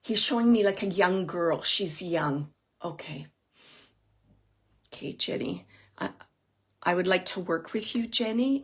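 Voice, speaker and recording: Woman relaying a medium's message haltingly. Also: lowish voice, expressive. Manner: halting and searching, repeats phrases, relays messages. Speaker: psychic medium. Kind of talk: live mediumship reading to an audience member.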